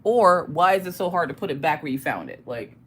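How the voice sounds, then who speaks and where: Woman, livestream host, animated pitch, chatty and casual. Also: fairly quick, a little hiss or hum. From United States. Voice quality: ticklish cough in throat. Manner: greets chat by name, swears casually. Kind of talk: casual live-stream chat.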